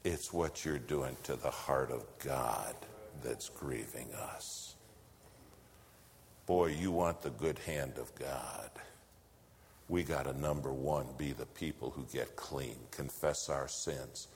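A man preaching a sermon, telling a story and swinging between loud lines and hushed whispers. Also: a bass voice, slow pace, slightly rough. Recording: long hall reverb.

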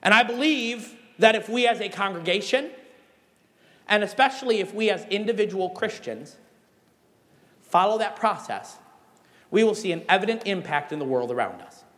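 High-voiced Midwestern pastor preaching. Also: male voice, moderate pace, long pauses, big-room sound. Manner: animated storytelling with emphatic exhortations. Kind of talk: sermon.

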